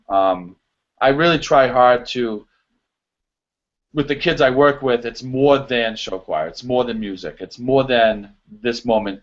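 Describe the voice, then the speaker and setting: A man talks casually as a guest, telling stories with lots of fillers and easy laughter. His pitch sits in the middle, and the recording sounds dull and lo-fi. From US East. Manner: animated storyteller, laughs easily, many fillers. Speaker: show choir choreographer and guest. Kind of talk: casual interview chat. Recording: dull lo-fi audio.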